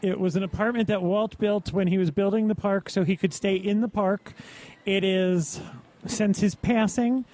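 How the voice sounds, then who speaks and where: High-voiced man telling a story. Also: steady tone, normal speed, darkish tone. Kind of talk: casual chat, storytelling.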